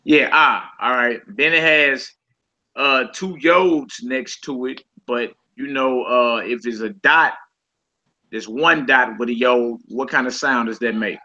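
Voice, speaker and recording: A man teaching a casual group Hebrew lesson over a voice call, quizzing his students in a relaxed, conversational way. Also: mid-range voice, slow, muffled recording.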